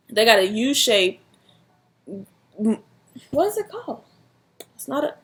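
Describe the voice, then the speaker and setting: A young woman vlogger telling a personal story in a casual, animated, dramatic way, full of slang. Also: medium pitch.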